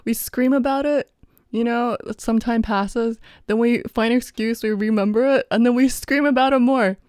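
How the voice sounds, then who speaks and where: A woman's voice: on the high side, fairly even intonation, normal speed, darkish tone, no room sound, clean studio sound. A woman talking casually in a reflective vlog, rambling with many fillers and often breaking into laughter. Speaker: vlogger.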